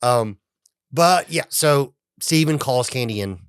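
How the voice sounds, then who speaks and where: A man's voice: medium pitch, expressive, slow, smooth, no echo, studio quality. A man in a casual podcast talk about a film, animatedly retelling scenes and acting out the characters' lines, swearing freely. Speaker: podcast guest.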